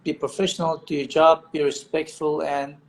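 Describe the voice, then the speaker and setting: A man with a slightly raised pitch speaks over a video call. He is earnest and restarts his phrases, the way a doctor thinks aloud in a casual chat. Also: level tone, normal speed, creaky, a little hiss or hum, rough recording. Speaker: hair transplant surgeon, guest. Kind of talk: casual live-stream chat.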